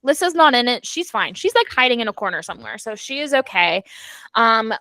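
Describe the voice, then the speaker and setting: A woman's voice: fairly high pitch, big pitch swings, brisk, pushed and bright. A woman co-hosting a book club, animatedly retelling the story and acting out the characters' lines. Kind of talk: casual chat recapping a novel.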